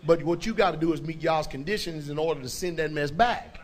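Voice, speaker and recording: A pastor preaching with emphasis, his voice sitting slightly high for a man. He talks in plain colloquial speech and keeps asking the congregation whether they follow him. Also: a little fast, soft background music. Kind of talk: preaching sermon.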